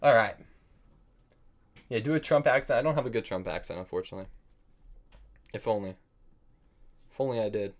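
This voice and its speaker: A man's voice: fairly low pitch, expressive, brisk, pauses often. A man from the United States streaming online chess, thinking aloud about his moves, scolding himself for mistakes and bantering with his viewers in a casual style. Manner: thinks aloud, self-critical, chats with viewers. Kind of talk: casual live-stream commentary while playing.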